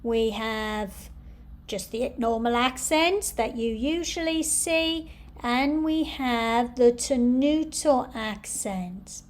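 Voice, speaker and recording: A woman's voice: on the high side, slow. A woman teaching piano, giving patient step-by-step practice instructions.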